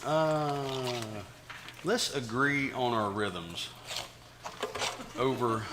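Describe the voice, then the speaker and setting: A man's voice: medium pitch, very slow, long pauses, long reverb tail, heavy background noise. A man leading an orchestra rehearsal, counting beats aloud and scatting rhythms to show how they go. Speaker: orchestra conductor. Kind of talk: rehearsal instruction. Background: loud orchestra playing.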